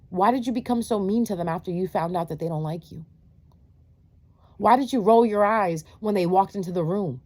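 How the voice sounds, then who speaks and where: A woman's voice: mid-range voice, a little mellow. A woman giving a blunt, preachy talk to her viewers, swearing freely and firing rhetorical questions between lots of fillers. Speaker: tarot reader. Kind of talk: casual monologue to viewers.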